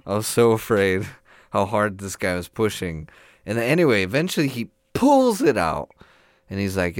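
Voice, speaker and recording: A man's voice: on the low side, sing-song, moderate pace, no echo, clean studio sound. A man on a podcast telling a long, rambling story full of laughs while his jaw is sore from recent tooth surgery. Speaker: podcast co-host. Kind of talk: casual chat.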